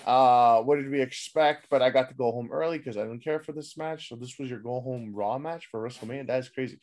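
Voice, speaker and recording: A man's voice: medium pitch, fairly quick, a little mellow. Casual profane man recapping wrestling. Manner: loose, profane, rambling. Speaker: wrestling podcast host.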